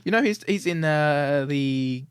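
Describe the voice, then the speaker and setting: A man's voice: fairly high pitch, expressive, a little slow, smooth, dry recording. A young man from the UK hosting a student radio show in casual studio chat, giggling and trying out silly impressions. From United Kingdom. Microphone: studio microphone.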